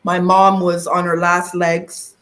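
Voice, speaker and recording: A middle-aged woman from Canada, a podcast guest telling her own story in a lively conversational way. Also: fairly low pitch, takes it slowly. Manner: animated, acts out quoted voices.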